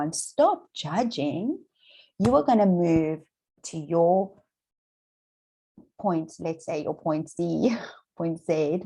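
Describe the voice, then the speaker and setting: Gravelly, mellow-voiced Australian woman coach. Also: fairly low pitch, low-quality recording. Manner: encouraging, repetitive, chatty with fillers. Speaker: manifestation coach. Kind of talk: motivational talk to camera.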